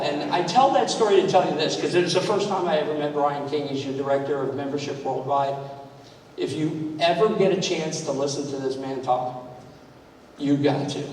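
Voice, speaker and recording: A man's voice: fairly high pitch, darkish tone. Story-telling man in an echoey hall. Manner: conversational, storytelling, quizzes the audience. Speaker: speaker at a club training event. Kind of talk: anecdotal speech to an audience. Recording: echoey hall, mic far off, faint noise.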